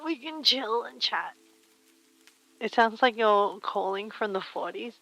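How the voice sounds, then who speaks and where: A woman's voice: on the high side, lively intonation, slow pace, fairly bright tone, poor audio. A woman livestreaming casually from home, thinking aloud in a playful, rambling way while she mends a pillow and chats. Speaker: livestream host. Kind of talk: casual chat while crafting.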